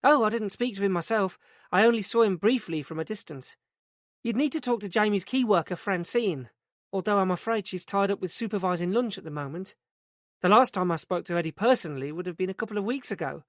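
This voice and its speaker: A man's voice: sits high, a little fast, no room sound, clean studio sound, pitched above the performer's own voice, natural voice. A man voicing a flustered middle-aged woman who runs a day centre, in a raised, fluttery voice. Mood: brisk. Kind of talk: audiobook character reading.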